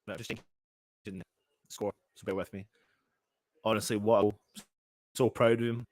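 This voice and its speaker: A young man giving excitable, emotional fan play-by-play during a live match watchalong. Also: fairly low pitch, moderate pace. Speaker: fan commentator.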